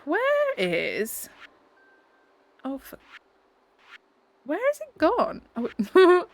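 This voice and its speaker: A young British woman chatting away while she plays, giggling often and talking to the game's characters. Her voice has a lively, swooping pitch and a relaxed, casual flow. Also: drawn-out words, long pauses. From Britain. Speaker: gaming channel host. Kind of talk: casual gameplay chat.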